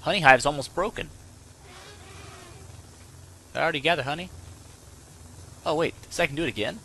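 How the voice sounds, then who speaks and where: Excitable young man narrating gameplay. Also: fairly high pitch, a little fast, pauses often, slightly rough. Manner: excitable, yelps and laughs when in trouble. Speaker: gaming channel host. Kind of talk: let's play commentary.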